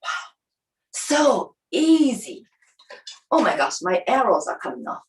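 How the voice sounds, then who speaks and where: A woman's voice: mid-range voice, sing-song, slow, roomy sound, distant mic, low-quality recording. A woman doing stand-up, playfully teaching like a teacher. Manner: playful, teacherly, acts out characters with her body. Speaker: stand-up comic. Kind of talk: stand-up comedy.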